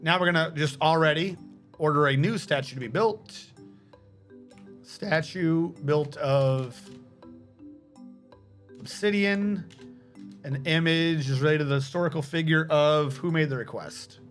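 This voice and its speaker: A man's voice: on the high side, measured pace, pauses often, soft background music. A man streaming a game live, giving casual, profane commentary and talking to his chat.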